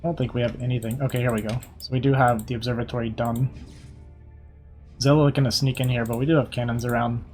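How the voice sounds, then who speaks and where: Slightly hoarse man casting a strategy game. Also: mid-range voice, little pitch movement, a little mellow, soft background music. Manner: quick, casual, thinking aloud over the match. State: slightly hoarse, losing his voice. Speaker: game commentator. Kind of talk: live esports play-by-play commentary.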